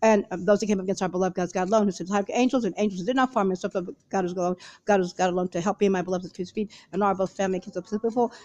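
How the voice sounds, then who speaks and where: A woman speaking to viewers in a hurried, rambling monologue full of repeated fillers and restarts. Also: medium pitch, fairly even intonation, darkish tone, lo-fi sound. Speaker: video blogger.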